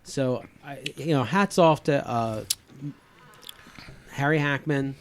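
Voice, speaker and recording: A man's voice: medium pitch, takes it slowly, a little hiss or hum. A man in his fifties hosting a podcast, chatting casually with lots of fillers and restarts. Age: 50s. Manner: rambling, many fillers and restarts. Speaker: podcast host. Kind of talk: casual chat.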